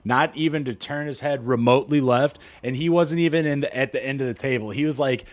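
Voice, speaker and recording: A man co-hosting a casual podcast, telling crude stories with lots of swearing and squeaky acted-out quotes. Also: brisk, no echo. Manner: storytelling, swears freely, acts out quotes in squeaky voices. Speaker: podcast co-host.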